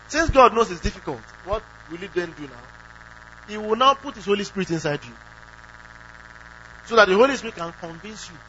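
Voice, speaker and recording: A man's voice: on the high side, pushed and bright. A man preaching a sermon who asks the congregation questions and acts out quoted prayers. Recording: dull lo-fi recording with faint hum.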